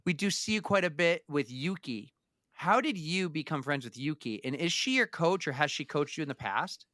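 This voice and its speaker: A man hosting a running podcast in casual chat, telling stories with lively acted-out bits. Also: fairly high pitch, moderate pace, no room sound, clean studio sound. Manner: animated storyteller who acts out his kid's yells. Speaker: podcast host.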